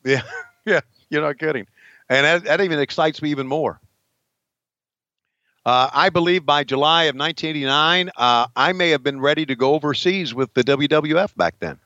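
A man's voice: fairly high pitch, moderate pace, pushed and bright, dry recording, muffled recording. A man in his sixties co-hosting a podcast, chatting casually and laughing over old wrestling footage. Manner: laughing, easygoing, folksy. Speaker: podcast co-host.

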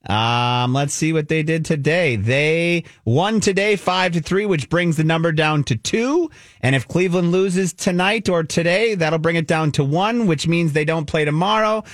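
A man's voice: fairly high pitch, moderate pace, no room sound, clean studio sound. A man co-hosting a radio show, giving upbeat sports updates and taking calls. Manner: upbeat, informative about sports. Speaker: radio co-host, producer. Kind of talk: casual chat.

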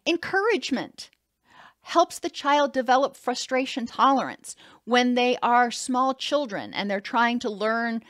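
A woman's voice: fairly high pitch, measured pace, a bit bright, dry recording, studio quality. A woman giving an educational talk on child attachment, explaining steadily and acting out what a caregiver might say. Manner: explanatory, acts out caregiver quotes, some restarts.

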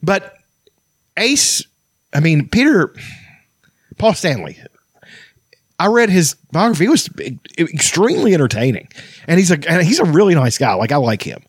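Podcast co-host, man, casual rambling chat, swings his pitch a lot, dry close mic. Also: moderate pace, long pauses, husky, dry recording. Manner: profane, rambling, animated storytelling.

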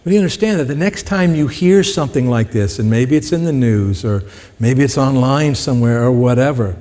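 A man's voice: medium pitch, expressive, a little fast, warm tone. Conversational male pastor in a reverberant hall. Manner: conversational, asks the congregation questions. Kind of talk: sermon.

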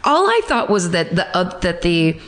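Woman co-host, lively emphatic banter. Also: lowish voice, moderate pace. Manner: animated, emphatic, swears. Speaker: podcast co-host. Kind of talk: casual chat.

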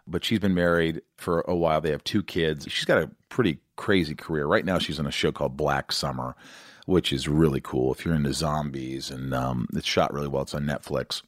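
Deep-voiced man hosting a podcast intro. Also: fairly even intonation, fairly quick, no room sound, studio quality. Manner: upbeat, promotional. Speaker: podcast host. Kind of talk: scripted show intro.

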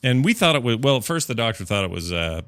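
A man's voice: mid-range voice, sing-song, quick pace, fairly bright tone, no room sound, studio quality. A man hosting a podcast in casual, joking chat with a co-host. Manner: chatty, joking, self-deprecating.

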